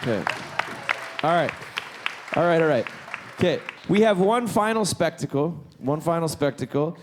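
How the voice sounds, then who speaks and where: A man's voice: a little high, lively intonation, normal speed, a faint crowd, a little hiss or hum. Rambling, upbeat male stage host. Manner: rambling, self-interrupting, enthusiastic. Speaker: event host. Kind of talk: casual stage emcee talk. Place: live concert venue, on stage.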